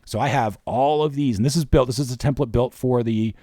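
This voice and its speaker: A man's voice: medium pitch, fairly quick, mellow, no echo, studio quality. A man hosting a marketing workshop, walking casually through spreadsheet figures step by step. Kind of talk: screen-share workshop explanation.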